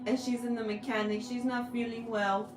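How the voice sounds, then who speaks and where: A woman talks slowly and with feeling through a tarot energy reading. Her voice sits fairly high and sounds a little distant from the mic in an echoey room. Music plays behind her. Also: level tone, noisy background. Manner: slow, heartfelt and emotional, with drawn-out words. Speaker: spiritual reader, channel host.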